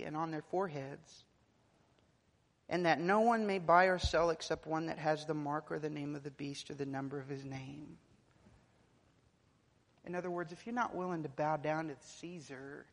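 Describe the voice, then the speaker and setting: Low-voiced woman preaching in a reverberant hall. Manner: builds to loud, emphatic preaching, then drops soft and low; repeats words when pressing a point. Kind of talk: sermon. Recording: long reverb of a large hall.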